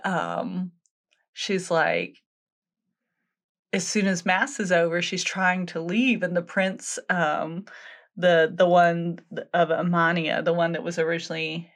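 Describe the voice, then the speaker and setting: A woman's voice: lowish voice, level tone, takes it slowly. Chatty woman retelling a folktale. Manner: chatty, filler-heavy, laughs often, acts out quotes. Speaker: podcast co-host. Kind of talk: casual storytelling chat.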